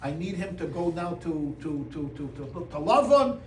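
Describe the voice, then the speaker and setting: Animated rabbi in an echoey room. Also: male voice, on the high side, normal speed. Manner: animated, humorous, acts out voices with Yiddish exclamations. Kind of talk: lively storytelling Torah class. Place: room with a live audience. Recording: roomy sound from a distance, faint room noise.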